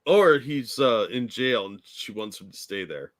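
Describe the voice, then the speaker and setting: Man, reaction co-host, swings up and down in pitch, irritated, swearing, exasperated. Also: lively intonation, measured pace. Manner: irritated, profane, openly exasperated. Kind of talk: live reaction commentary.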